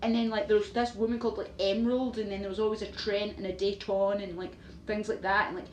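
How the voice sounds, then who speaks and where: A woman's voice: mid-range voice, level tone, fast, a little mellow. Rambling Glaswegian woman in an echoey room. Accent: Glaswegian Scottish. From Scotland. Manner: rambling, filler-heavy, laughs between lines. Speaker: live streamer. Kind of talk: casual live-stream chat answering viewers. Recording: roomy echo with faint noise.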